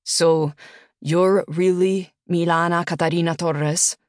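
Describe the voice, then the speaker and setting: A woman's voice: fairly low pitch, fairly even intonation, slow pace, no echo, studio quality. A woman reading an audiobook and voicing a shaken young heroine who brushes off questions in short, brittle replies. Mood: brittle, evasive. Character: shaken young Italian woman raised in New York.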